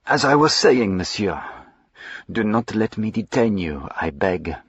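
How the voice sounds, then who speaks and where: A man voicing a suave gentleman highwayman with a French accent, polite, ironic and commanding, in an audiobook reading. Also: sing-song, a little slow, slightly rough, dry recording, lo-fi sound, heavily acted.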